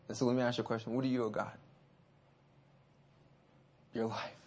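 A man preaching a sermon. He shifts between hushed and loud passages, urges his listeners on, and reads scripture slowly and deliberately. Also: medium pitch, flat delivery, slightly rough.

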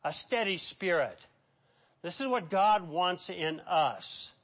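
A man's voice: sits high, animated, slow, fairly bright tone. A man preaching a sermon, reading scripture aloud and acting out quotes with a dramatic, preachy delivery. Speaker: pastor.

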